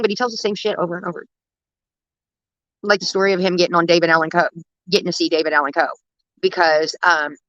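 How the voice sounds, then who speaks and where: Fast-talking, bright-voiced woman. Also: lowish voice, no echo, dull audio. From United States. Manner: rambling, profane, animated anecdotes about her dad. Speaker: livestream host. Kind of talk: casual storytelling.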